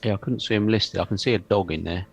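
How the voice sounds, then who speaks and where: A man with a low, gravelly voice chats casually as a player at a tabletop game. He asks questions hesitantly and lets his sentences trail off, with faint music playing behind him. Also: fast.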